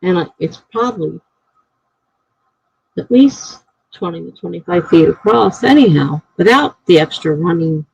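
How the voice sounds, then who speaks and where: A woman writer chatting casually on her live stream, rambling and thinking out loud. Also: fairly low pitch, expressive, a little slow, gravelly, breathy edge, no room sound. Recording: dry, slightly dull lo-fi mic.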